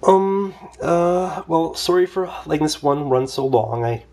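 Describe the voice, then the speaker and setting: A man's voice: a little high, lively intonation, unhurried, mellow, slight background noise. A man casually reviewing an action figure, rambling loosely with lots of fillers and a wry, mildly complaining edge. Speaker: toy reviewer. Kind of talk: casual toy review vlog.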